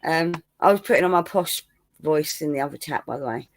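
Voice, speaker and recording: A woman's voice: low-pitched, brisk. A woman co-hosting a livestream, teasing her partner, laughing often and greeting the chat by name. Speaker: co-host.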